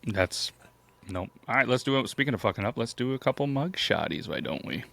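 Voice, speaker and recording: A man co-hosting a podcast, making wry, deadpan jokes in casual chat. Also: medium pitch, fairly quick, creaky. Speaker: podcast co-host.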